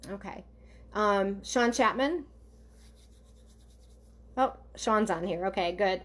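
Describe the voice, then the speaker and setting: Doing a live online session as a psychic medium, a woman reads for her viewers in a mid-range voice. Her manner is tender and stop-start, peppered with ums and okays.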